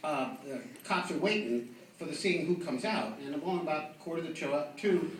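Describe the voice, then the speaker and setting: A man's voice: a little high, normal speed. A man doing stand-up, telling cop stories with lots of fillers and restarts. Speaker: stand-up comic. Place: comedy club stage. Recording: echoey club from a distant mic with faint noise.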